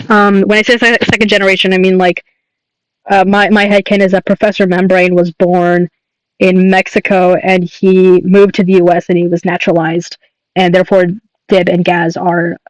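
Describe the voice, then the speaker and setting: A male streamer and artist chats casually on his livestream, rambling enthusiastically with plenty of fillers and restarts. His voice is high and clean-toned with no room sound, though the recording is rough.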